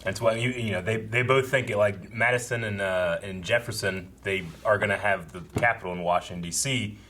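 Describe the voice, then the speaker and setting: A man with a fairly low voice chats loosely about a film he has just watched. He keeps circling back with "you know" and "like". There is a faint hiss behind him. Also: a little fast, pushed and bright. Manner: rambling, full of "you know" and "like". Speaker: host reacting to a film. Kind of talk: casual chat.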